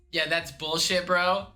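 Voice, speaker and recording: A man's voice: high voice, bright, forceful tone. A young man chatting casually on a live stream, laid-back and slangy, with restarts and laughs.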